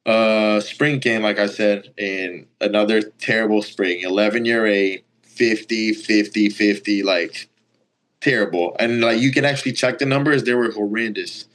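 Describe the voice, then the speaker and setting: Young guy on an interview, english, chatty and animated, keeps saying like and you know. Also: fairly low pitch, moderate pace. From Brazil. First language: Portuguese. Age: young adult. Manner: animated, acts out quoted lines, filler-heavy. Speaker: college baseball player, guest. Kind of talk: casual storytelling.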